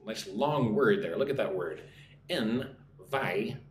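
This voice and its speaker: A man's voice: lowish voice, lively intonation, moderate pace, darkish tone. A male English teacher on a live stream, reading viewers' chat messages and modelling exam answers with pronunciation drills. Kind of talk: live-streamed speaking lesson. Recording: roomy echo, faint background noise.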